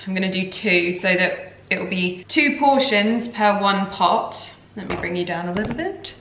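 A woman vlogging casually in her home kitchen, talking fast and bubbly with frequent ums and little laughs. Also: medium pitch, fairly bright tone, echoey room, slight background noise. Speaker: lifestyle vlogger. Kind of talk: casual chatty vlog narration.

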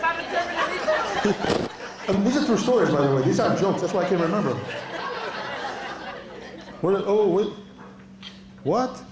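A stand-up comedian from Europe tells true stories in a chatty way in an echoey club, laughing at himself and loudly quoting people. His high-pitched voice has lively intonation at a moderate pace with frequent pauses, over a noisy background with a crowd.

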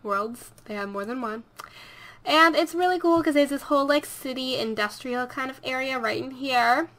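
High, bright-voiced chatty woman gamer. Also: normal speed. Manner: chatty, rambling, self-correcting. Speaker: let's play host. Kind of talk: casual gameplay commentary.

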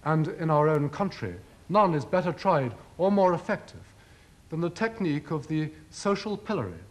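A man gives a formal lecture on television at a moderate pace, his pitch climbing and dipping in broad, lively arcs. He constructs his arguments rhetorically and relies on ironic emphasis.

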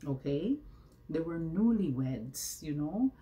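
A woman records a casual vlog at home, speaking straight to her camera under a ring light. Her voice sits low and mellow, and she takes her time. She chats and preaches by turns, firing rhetorical questions at her viewers. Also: lively intonation, slow. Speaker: vlogger. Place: at home, indoors. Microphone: camera facing her, with ring light.

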